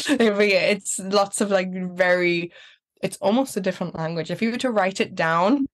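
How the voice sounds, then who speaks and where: A young woman with a soft Geordie accent chats freely as an interview guest. Her voice sits at an ordinary middle pitch, and she talks openly and laughs often. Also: moderate pace. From Newcastle, England. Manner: chatty, laughs easily. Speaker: guest, pageant finalist. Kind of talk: casual interview chat.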